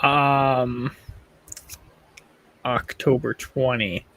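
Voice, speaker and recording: Slow-talking man with dry humor. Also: mid-range voice, fairly even intonation, a bit bright. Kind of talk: casual chat.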